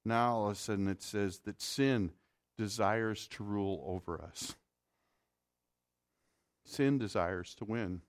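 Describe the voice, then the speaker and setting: A man's voice: on the low side, slow pace, pauses often. A male pastor preaching a sermon in a conversational way, often asking the congregation rhetorical questions.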